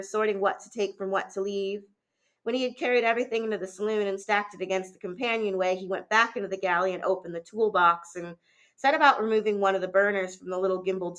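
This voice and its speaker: Bright-voiced woman reading a novel aloud. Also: medium pitch. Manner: measured, steady reading with small fillers and restarts. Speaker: teacher.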